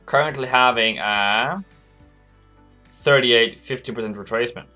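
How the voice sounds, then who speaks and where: A man's voice: medium pitch, measured pace, bright, forceful tone, soft background music. A man hosting a live trading stream, chatting casually, answering viewers by name and laughing often. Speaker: forex trading livestream host.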